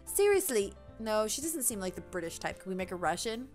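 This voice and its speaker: A woman's voice: medium pitch, animated, fast. A young woman giving rambling, self-deprecating commentary while playing a game. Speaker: let's play gamer. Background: faint game music.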